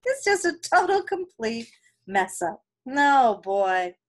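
Woman, school staff, storytime read-aloud; high voice, unhurried, playful asides. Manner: expressive, playful, chatty asides with laughs. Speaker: elementary school staff member. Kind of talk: reading a picture book aloud to children.

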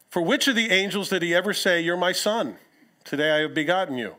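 Animated male pastor preaching. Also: high voice, brisk. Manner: expressive preaching, quoting scripture aloud with asides. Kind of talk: sermon. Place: church.

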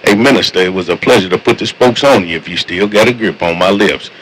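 A man's voice: sits low, quick pace, a bit bright, husky, poor audio. A man talking with fellow truckers over CB radio in a laid-back, slangy way, repeating his catchphrases. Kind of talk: casual CB radio chat.

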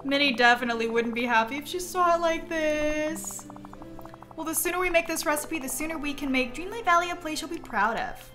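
A woman reading a friendly cartoon mouse's game dialogue aloud in her own soft voice. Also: sits high, a little fast, soft background music. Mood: gentle. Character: cheerful cartoon mouse, male, friendly and gentle.

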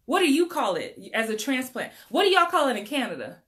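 Bright-voiced New woman chatting live. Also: sits high, big pitch swings, fairly quick. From New York. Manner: chatty, laughs often, reads out viewer comments. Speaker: acting coach. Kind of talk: casual livestream chat.

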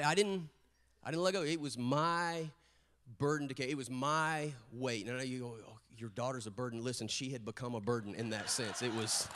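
A middle-aged male pastor telling a story in his sermon, animated and lively as he acts out what his family said. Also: fairly high pitch.

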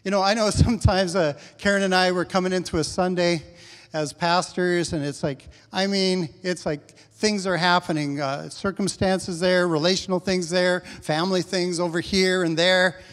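A man's voice: high-pitched, steady tone, moderate pace, fairly bright tone, long reverb tail. A middle-aged male pastor preaching a sermon in a church, talking conversationally and acting out prayers with rising intensity. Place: church sanctuary.

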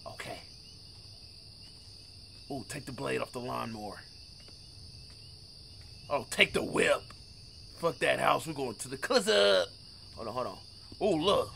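A man riffs through a let's-play in loose, slangy bursts. His voice is bright and a little gravelly, and his pitch swings all over the place as he reacts. He sits somewhat high for a man. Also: slight background noise. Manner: excitable, slangy, blurts reactions. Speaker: gaming YouTuber.

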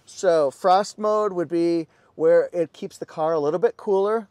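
Upbeat high-voiced car salesman. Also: darkish tone, no room sound. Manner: upbeat, salesy, pointing out features. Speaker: car dealership presenter. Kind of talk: casual car walkaround review.

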